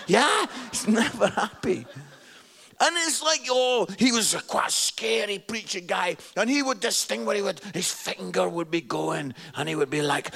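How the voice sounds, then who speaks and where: A man's voice: sits high, expressive, moderate pace, gravelly, pushed and bright. A man giving a sermon-style talk as a travelling evangelist, chatty and jokey, often checking in with "yeah?". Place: hall with a live audience.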